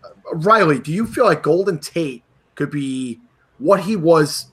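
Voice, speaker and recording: A man's voice: on the high side, animated, a little slow, a bit bright, slightly rough. A man hosting a casual sports podcast, opinionated and emphatic. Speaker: podcast host. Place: New York.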